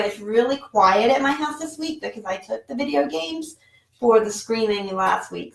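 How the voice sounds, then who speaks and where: Her voice is medium in pitch with a creaky quality, and the mic is set well back, so the room echoes. A woman in her forties who sells online and vlogs, she rambles casually to camera from her home office, using many fillers.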